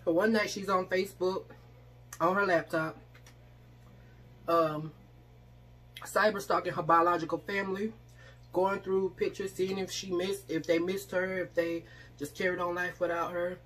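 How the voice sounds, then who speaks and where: A woman vlogger eats on camera while telling a chatty story, acting out the voices of the people she quotes. Her voice is fairly low and a bit bright, with fairly even intonation, a measured pace and frequent pauses.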